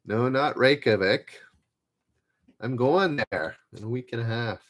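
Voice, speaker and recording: This live-stream trivia host speaks at a measured pace with a medium pitch. He's relaxed and self-deprecating, going back over each question as he reads the viewers' guesses.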